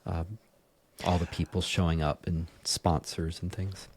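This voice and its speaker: Man, podcast co-host, casual chat, playful, very low voice, dry room. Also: little pitch movement, unhurried, breathy edge, no echo. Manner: playful, jokey, trails off and restarts.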